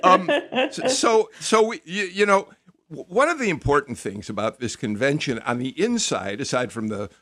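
A man's voice: on the high side, animated, normal speed, fairly bright tone, dry recording. A man hosting a radio interview, talking conversationally with frequent restarts. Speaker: radio host.

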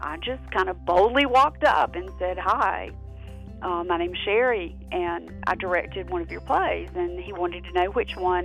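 A woman from South Carolina telling a personal story in an earnest, halting way. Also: lowish voice, vocal fry, a bit bright, rough recording. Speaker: guest.

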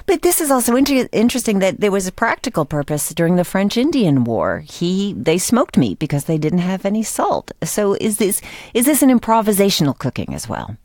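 A woman's voice: mid-range voice, very animated, brisk, hardly any pauses, darkish tone, no echo, clean studio sound. A woman hosting a radio interview, asking poised questions. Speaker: radio host.

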